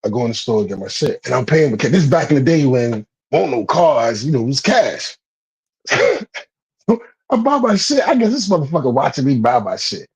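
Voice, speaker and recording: A man telling stories in a casual, profane chat, animated and laughing often. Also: medium pitch, moderate pace, poor audio.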